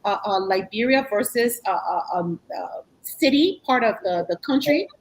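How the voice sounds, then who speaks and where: A woman, president of a nonprofit, speaking haltingly in an interview. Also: medium pitch, expressive, rough recording. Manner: halting, many fillers and restarts. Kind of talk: interview conversation.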